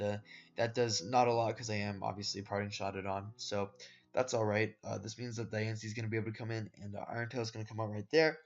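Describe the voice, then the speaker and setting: A man giving casual voice-over commentary on his own competitive game matches. He rambles in a laid-back way, with lots of fillers, and talks to viewers as "guys" and "boys". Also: lowish voice. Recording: dull lo-fi audio with background music. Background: soft guitar background music.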